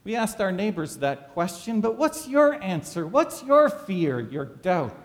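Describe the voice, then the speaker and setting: A pastor preaching a sermon, full of dramatic rhetorical questions. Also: male voice, high voice, very animated, unhurried, in a large hall.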